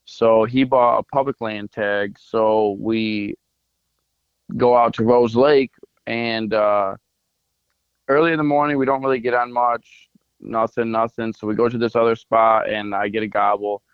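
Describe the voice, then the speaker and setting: A man's voice: on the low side, steady tone, a little slow, clear, resonant tone, no echo, lo-fi sound. A man on a podcast, casually telling a long hunting story full of fillers. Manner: rambling storyteller, lots of "like" fillers. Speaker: podcast co-host.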